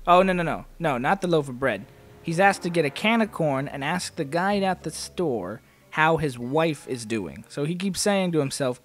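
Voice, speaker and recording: A man's voice: on the high side, lively intonation, moderate pace, soft background music. A man playing a video game and commenting, rambling goofily and telling jokes. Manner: goofy, rambling joke-telling. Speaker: let's play host. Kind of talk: let's play commentary.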